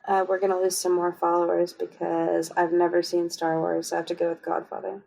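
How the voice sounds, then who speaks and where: A woman's voice: fairly low pitch, flat delivery, a little fast, gravelly, darkish tone, poor audio. A young woman co-hosting a podcast in casual chat, wry and teasing. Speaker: podcast co-host.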